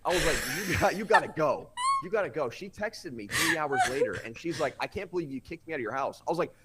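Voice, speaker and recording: Young male podcast guest: quick, bouncy storyteller, lots of restarts, slightly raised pitch. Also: heavy background noise. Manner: animated, acts out quotes with voices; stammers and restarts often. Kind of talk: casual storytelling.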